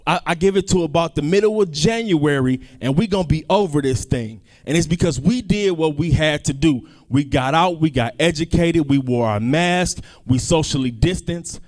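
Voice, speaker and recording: A male comedian doing a stand-up set, animated, swinging between loud outbursts and low asides. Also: moderate pace, hardly any pauses.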